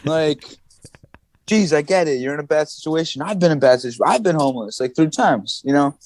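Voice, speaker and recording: A man as a podcast guest, telling stories in casual chat, animated, laughing and swearing as he goes. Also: on the high side, brisk, dry recording. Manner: animated, swings his voice up and down, laughs and swears often.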